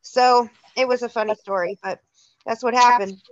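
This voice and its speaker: A woman with a high voice leads a church Bible study, talking casually and laughing as she tells stories. She restarts her sentences often. The sound is dry and lo-fi, like a call. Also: fairly even intonation, normal speed, no echo.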